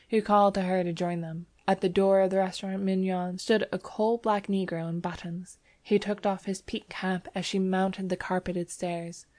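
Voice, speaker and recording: A woman narrating a classic story in a measured, even way. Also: mid-range voice, no echo. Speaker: audiobook narrator. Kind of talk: scripted narration.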